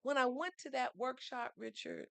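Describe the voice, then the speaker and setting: A woman's voice: sits high, fairly even intonation, normal speed, vocal fry, a bit bright, no room sound. Earnest woman telling a story. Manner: earnest, teaching tone with rhetorical questions. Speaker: podcast guest. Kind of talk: storytelling conversation.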